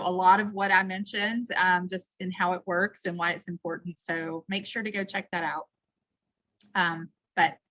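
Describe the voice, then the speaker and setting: A bright-toned middle-aged woman talks in a chatty, enthusiastic way, running on from one thought to the next. She sits at a mid pitch and speaks casually to a team gathered on a video call. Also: poor audio. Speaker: team leader presenting a product.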